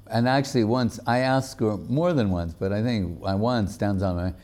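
A man giving a devotional lecture, speaking haltingly with many fillers and growing animated when he quotes others. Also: fairly low pitch. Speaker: spiritual teacher giving a talk.

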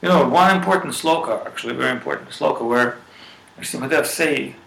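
A man retells a scripture story in a devotional talk, animated and peppered with fillers. His voice is gravelly and mid-pitched. The sound is roomy, with faint noise behind it. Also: brisk, far from the mic. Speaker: spiritual speaker.

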